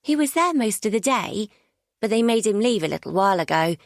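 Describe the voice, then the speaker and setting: A woman voicing an eager, anxious young boy in an audiobook, asking urgent questions and rushing his words. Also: medium pitch, big pitch swings, no echo, clean studio sound, voice pushed up.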